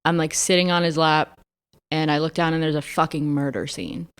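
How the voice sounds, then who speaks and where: Young female podcast co-host, slightly low voice, candid and profane, lots of "like". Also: fairly even intonation, normal speed, smooth. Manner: candid storytelling, frequent swearing and laughter, lots of "like". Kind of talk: casual chat.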